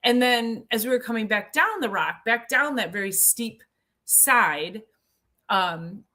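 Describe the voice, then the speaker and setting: Bright, chatty woman host. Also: on the high side, lively intonation, unhurried. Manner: chatty, enthusiastic, many fillers. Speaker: health show host. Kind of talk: live Q&A and personal storytelling.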